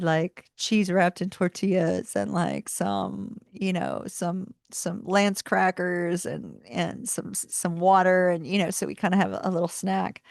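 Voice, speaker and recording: Gravelly-voiced woman telling a story. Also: fairly low pitch, no room sound, studio quality. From United States. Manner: chatty, animated storyteller with frequent asides. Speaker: tarot channel host. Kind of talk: casual livestream storytelling.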